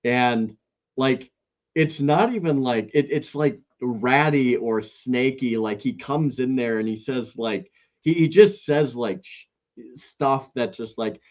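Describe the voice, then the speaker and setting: A man co-hosting a podcast in casual chat, rambling with many fillers and wide swings in pitch. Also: takes it slowly. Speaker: podcast co-host. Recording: slightly dull, lo-fi sound.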